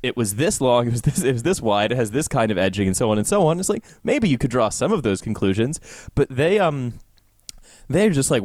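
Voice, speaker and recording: Joking man, halting podcast chat. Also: medium pitch, very animated, darkish tone, no room sound, clean studio sound. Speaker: podcast co-host. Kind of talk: casual chat recapping a TV episode.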